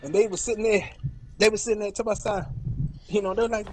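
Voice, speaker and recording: A man's voice: high-pitched, steady tone, fast talker, background noise. A man in his forties, a gaming streamer, chatting casually and telling long rambling stories full of repeats. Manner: rambling, repetitive storytelling. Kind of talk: casual chat while gaming. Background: loud game music.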